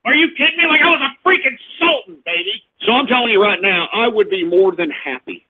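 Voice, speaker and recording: A Texan man calls in to a radio show and brags in a profane rant. His voice is high. It comes through a thin, tinny phone line. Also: lively intonation, fairly quick. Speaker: caller.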